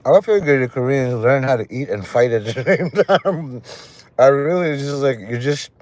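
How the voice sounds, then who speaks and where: A man's voice: mid-range voice, normal speed. A man chatting casually and joking as he rambles through a livestream. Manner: rambling, joking, lively intonation. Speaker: livestream host.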